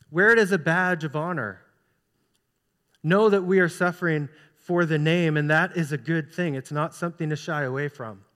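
A man preaching from the pulpit with a high-pitched voice, earnestly pressing rhetorical questions on the congregation. His words ring out with the long reverb of a large hall. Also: a bit bright. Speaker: pastor. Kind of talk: sermon. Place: church sanctuary.

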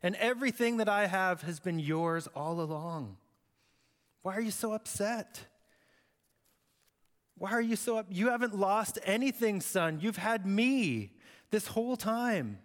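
A man's voice: sits high, expressive, measured pace, pitched above the performer's own voice. A man voicing a tender middle-aged father who pleads earnestly with his son. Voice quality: earnest, imploring. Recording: echoey hall.

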